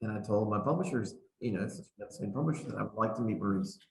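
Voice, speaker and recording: Lower-voiced man telling stories in a roomy space. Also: fast, gravelly. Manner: animated anecdote teller, acts out dialogue. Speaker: guest author and illustrator. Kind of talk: storytelling in an interview. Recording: roomy echo.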